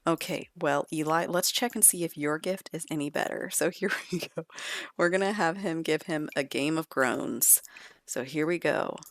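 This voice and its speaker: A woman's voice: sits low, normal speed, no echo. A woman giving chatty, playful commentary while playing a life-sim game. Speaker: let's play host. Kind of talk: casual gameplay commentary.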